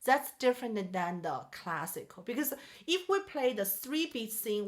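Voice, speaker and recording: High-voiced woman teaching piano. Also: sing-song, a little slow. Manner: patient and explanatory, counts and sings rhythms aloud. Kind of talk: one-on-one music lesson.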